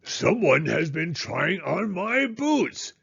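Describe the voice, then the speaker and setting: Man doing a big gruff papa bear, booming and slow, slightly muffled. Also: sing-song, fairly bright tone, no room sound, exaggerated voice. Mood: indignant.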